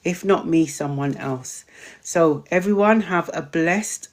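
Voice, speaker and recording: A woman hosts a live online community session and talks straight to her viewers. Her voice sits slightly low, and her chatty delivery now and then stumbles over longer words. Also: slow pace. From Britain. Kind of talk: live-stream chat and viewer Q&A.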